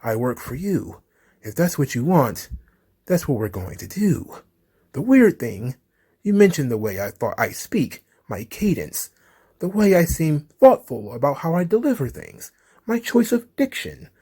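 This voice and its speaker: A man putting on a slow, bloviating voice to impersonate a male wrestler while reading a transcript aloud. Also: on the high side, very animated, warm tone, slightly rough, full character voice. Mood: measured. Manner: slow, bloviating, formal diction. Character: deep-voiced pompous male wrestler impression.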